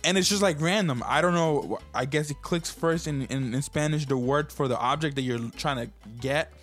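Podcast co-host, man from Puerto Rico, lively and chatty, slightly high voice, faint music bed. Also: moderate pace. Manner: animated, jumps into mocking parent voices. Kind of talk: casual chat.

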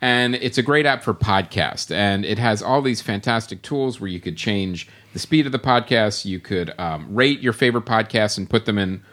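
A man's voice: on the low side, a bit bright. A man hosting a podcast who reads an ad loosely, stalling on fillers and restarts. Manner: halting, full of fillers and restarts, laughing. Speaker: podcast host. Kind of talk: casual chat, rambling ad read.

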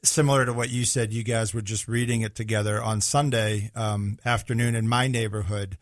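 A man's voice: fairly low pitch, steady tone, brisk, dry recording, studio quality. A man hosting a casual faith conversation, affirming his guest and talking with frequent fillers.

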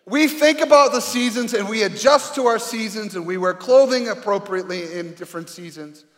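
A man's voice: sits high, brisk, fairly bright tone. A man preaching a sermon as a pastor, speaking earnestly and conversationally with rhetorical questions to the congregation. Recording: reverberant hall.

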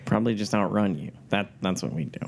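Deadpan man player. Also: lowish voice, fast talker, creaky. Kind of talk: playing a tabletop game.

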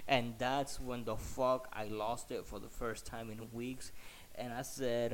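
A man's voice: mid-range voice, flat delivery, measured pace. Profane ranting man, a bit sick. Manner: profane, heated, rambling. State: slightly sick. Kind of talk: casual storytelling rant.

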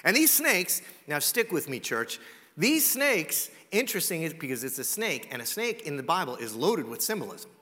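A male pastor preaching a sermon, swinging between loud and hushed and slowing down to stress points. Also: a little high, very animated. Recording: long reverb of a large hall.

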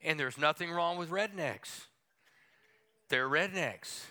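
A man's voice: a little high, takes it slowly, sharp tone. A middle-aged man, a pastor, preaching a folksy and humorous sermon with playful asides to the congregation.

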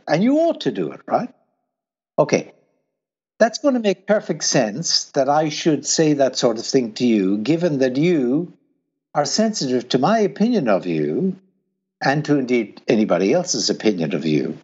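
A man speaking as a guest in an explanatory conversation, lively, and now and then acting out what he would say to someone. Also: mid-range voice, normal speed, slightly rough. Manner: lively, explanatory, acts out exhortations in a rising pleading tone. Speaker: guest philosopher. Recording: dull lo-fi sound.

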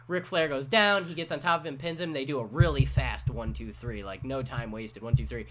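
A man in a casual podcast chat, telling a story with animated energy and swearing freely. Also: medium pitch, moderate pace, few pauses.

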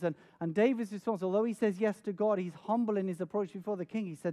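High-voiced man preaching a sermon. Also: quick pace, few pauses, mellow. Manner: earnest, repeats words when stressing a point; dramatic, acts out scenes with raised voice.

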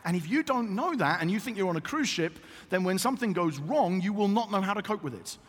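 A man preaching a sermon to a congregation, telling stories with animated asides. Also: sits high, fast talker, slightly rough. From Britain. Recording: long reverb in a hall.

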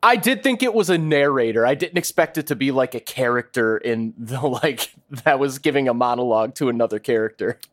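A man's voice: medium pitch, lively intonation, brisk, few pauses, a bit bright. A man from Michigan co-hosting a casual podcast, blunt and profane, often laughing. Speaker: podcast co-host. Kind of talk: casual chat.

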